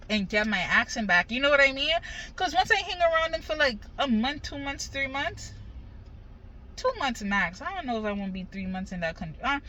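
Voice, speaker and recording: Young woman from the caribbean, bright voice, just rambling and cussing to her phone. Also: high-pitched, a little hiss or hum, low-quality recording. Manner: loose, slangy, cursing freely. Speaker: vlogger. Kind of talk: casual rambling monologue.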